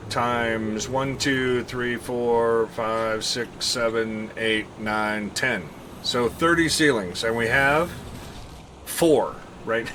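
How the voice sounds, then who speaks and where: A man streaming a game live, chatting casually with viewers, thinking and counting out loud and laughing often. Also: medium pitch, noisy background. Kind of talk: casual gameplay commentary.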